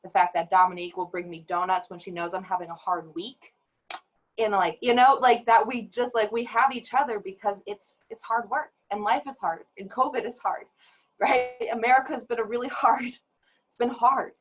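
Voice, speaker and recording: A woman's voice: on the high side, moderate pace, lo-fi sound. A woman who works as an advocate for abuse survivors, speaking candidly and with animation on a webinar panel over a video call. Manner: candid, animated, with laughs and acted quotes.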